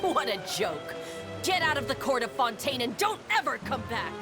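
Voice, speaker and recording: A woman's voice: sits high, big pitch swings, moderate pace, over music. A woman voicing a bitter, hostile female conspirator in a video game, contemptuous in tone.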